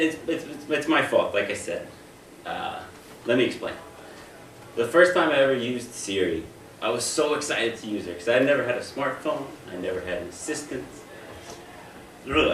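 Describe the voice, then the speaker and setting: Heard through a distant microphone in an echoey room with a little background noise, this young stand-up comic from the United States speaks at a medium pitch with a slightly bright tone. He pokes fun at himself onstage and frequently starts his sentences over.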